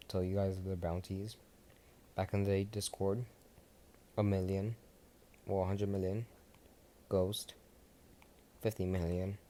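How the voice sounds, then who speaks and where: A man's voice: low-pitched, mellow. A young man casually telling a fan story, rambling and swearing freely.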